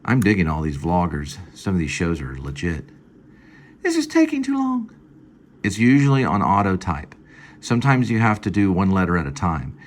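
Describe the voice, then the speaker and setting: A man casually reading his own screenplay aloud at home, halting and stopping to fix lines. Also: deep voice, animated, slight background noise. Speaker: screenplay reader. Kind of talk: casual screenplay read-through.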